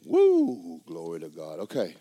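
Preacher man, loud then hushed. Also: low voice, wildly swooping pitch, unhurried, no room sound, dull audio. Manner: loud preaching that swings to quiet, joking asides. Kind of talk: sermon.

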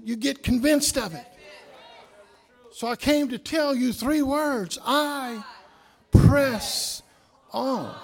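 A male pastor with a high voice preaches a sermon at a slow, drawn-out pace. He leaves long pauses and leads call-and-response lines. His delivery moves between loud cries and quiet, low asides. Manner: swings from loud exclamations to soft, low asides.

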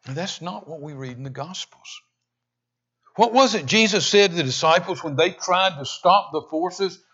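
A man preaching a sermon, swinging between loud, emphatic lines and hushed, intense ones. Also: high voice, normal speed, slightly rough, dull audio. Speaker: pastor.

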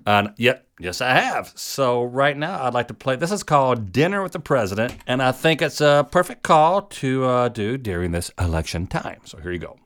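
A man's voice: medium pitch, big pitch swings, normal speed, few pauses, fairly bright tone. A middle-aged man, a comedian, hosting his show in a rambling, chatty monologue full of fillers. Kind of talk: casual monologue.

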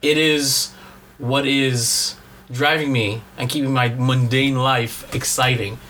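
A man's voice: mid-range voice, steady tone, takes it slowly, sharp tone, slight background noise. A man co-hosting a podcast in casual chat, teasing his co-host and rambling through explanations.

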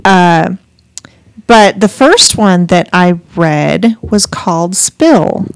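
Woman, podcast co-host, casual chat, slow and unhurried, somewhat low voice, dry close sound. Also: animated, clear, resonant tone, no room sound. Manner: unhurried, rambling, searches for words.

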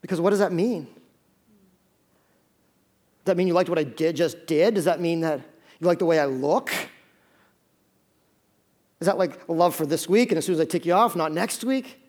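A male pastor preaching a sermon, earnest and conversational, with slow dramatic pauses. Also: on the high side, a little mellow.

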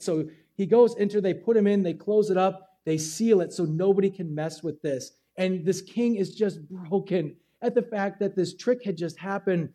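A man's voice: high voice, warm tone. A man preaching as a pastor, casual and self-deprecating, acting out little asides in a sermon to his church.

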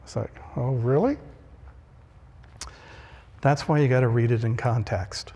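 A man's voice: mid-range voice, a little fast, mellow. A man preaching a conversational sermon, acting out the voices he quotes. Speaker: pastor. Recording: long reverb of a large hall.

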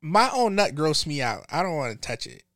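A man with a gravelly, slightly high voice hosts a casual podcast. He talks loosely and profanely and laughs often. The sound is dry and close, with no room echo. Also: sing-song, a little fast, a bit bright. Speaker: podcast host. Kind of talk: casual chat.

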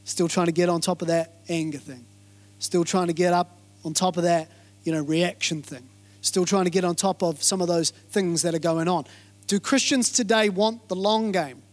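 A man preaches in a high, bright-pitched voice. He is energetic, repeats his phrases for emphasis, and keeps quizzing the congregation to check they are following. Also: normal speed. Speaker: pastor. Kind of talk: sermon.

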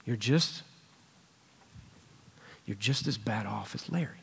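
A man's voice: lowish voice, lively intonation, slow pace, creaky, slightly rough. A man preaching a sermon in a church, conversational and earnest as he retells a personal story. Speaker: pastor. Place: church sanctuary.

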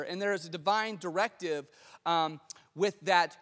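A man's voice: high-pitched, moderate pace, fairly bright tone, big-room sound. A male pastor preaching a sermon, telling the story animatedly with frequent restarts.

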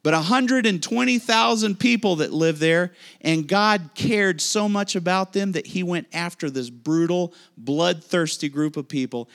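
A man preaching a sermon, animated and speaking directly to his listeners. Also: high voice, measured pace, hardly any pauses. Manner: animated preaching with asides to the audience. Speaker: pastor.

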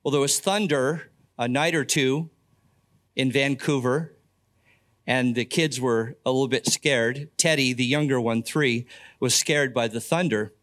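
A man's voice: medium pitch, unhurried, a bit bright. An older man preaching a sermon as pastor, earnest, with folksy asides and stories about family.

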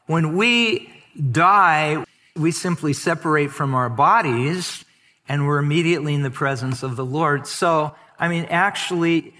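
Bright-voiced preacher in a reverberant hall. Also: male voice, on the high side. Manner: emphatic, draws out key words, reads scripture aloud. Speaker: pastor. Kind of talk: sermon.

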